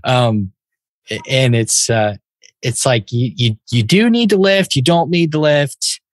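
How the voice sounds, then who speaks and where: A man's voice: medium pitch, measured pace, dry recording. A man hosting a podcast interview, chatting in an easygoing, agreeable way. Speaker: podcast host. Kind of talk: casual interview.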